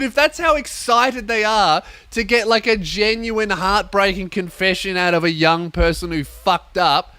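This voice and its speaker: Young guy ranting on his podcast, lots of swearing, bright tense voice, dry sound. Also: high voice, measured pace, hardly any pauses, no echo. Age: young adult. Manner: swearing, animated, acts out voices. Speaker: comedian podcast host. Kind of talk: comic storytelling rant.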